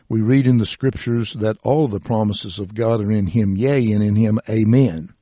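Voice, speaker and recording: A male preacher delivering a sermon at an unhurried, deliberate pace, his low, mellow voice slightly husky. He reads scripture passages aloud as he goes. The recording is dull and lo-fi, with a dry sound. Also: dry recording.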